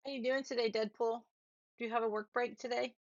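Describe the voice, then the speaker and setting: Soft-spoken woman streamer chatting casually. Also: a little high, fairly even intonation, fast talker, no echo, lo-fi sound. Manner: chatty, soft-spoken, talks to her pets, laughs often. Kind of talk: casual live-stream chat. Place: home office.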